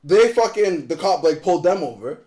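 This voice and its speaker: A young man telling a wild story as a podcast guest, animated and profane, acting out what people said. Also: sits high, fairly quick. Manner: animated, profane, acts out quotes. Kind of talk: casual storytelling.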